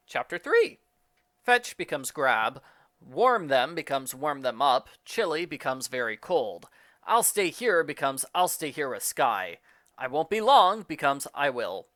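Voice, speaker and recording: A man briskly reading out a matter-of-fact list of changes made to a book. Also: fairly high pitch, pushed and bright, no room sound, clean studio sound. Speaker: book reviewer listing edits.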